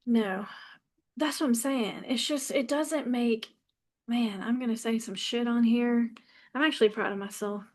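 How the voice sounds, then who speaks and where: A woman in her fifties hosts a podcast, her voice a little high and her pace measured. In a candid personal monologue she talks with passion and bluntness, swearing freely and frequently restarting her sentences.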